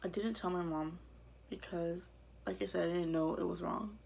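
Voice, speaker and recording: Low, gravelly-voiced woman vlogger. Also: fairly even intonation, slight background noise. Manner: halting and quiet, often dropping to a whisper. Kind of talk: personal life story told to camera.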